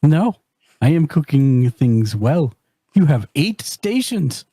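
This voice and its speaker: Slow hesitant male tabletop player. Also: fairly high pitch, sing-song, mellow, husky, no room sound. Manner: hesitant, stumbling, laughing easily. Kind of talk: playing a tabletop game.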